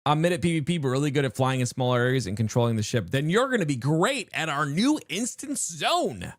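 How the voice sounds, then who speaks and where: A live streamer chatting excitedly to viewers while playing, often restarting sentences mid-thought. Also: mid-range voice, brisk, no room sound, clean studio sound. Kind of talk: live-stream game reaction chat.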